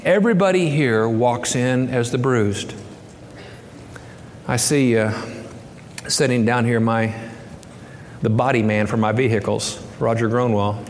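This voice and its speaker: A man's voice: medium pitch, a little slow, pauses often, slight background noise. A middle-aged man preaching a sermon as pastor, earnest and building to impassioned, raised passages. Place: church sanctuary. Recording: reverberant hall, faint ambience.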